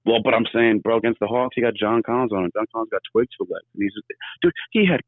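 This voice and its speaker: A man calling in to a casual sports chat, telling rambling, animated stories. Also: on the low side, fast, dry recording. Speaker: caller. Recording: tinny phone line.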